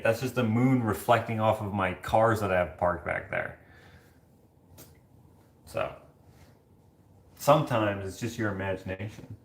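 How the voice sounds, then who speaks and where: A man's voice: lowish voice, fairly even intonation, normal speed, pauses often. A man hosting a casual stream from his kitchen, chatting and telling rambling stories with lots of fillers. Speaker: livestream host reading chat. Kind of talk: casual chat. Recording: echoey room.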